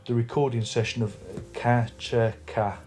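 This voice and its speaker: Guy rambling about a record at home, kinda mellow dark voice, faint music under it. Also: medium pitch, fairly even intonation, normal speed. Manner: rambling, chatty, many restarts. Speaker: music review vlogger. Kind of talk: casual chat. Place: home room with record player and speakers.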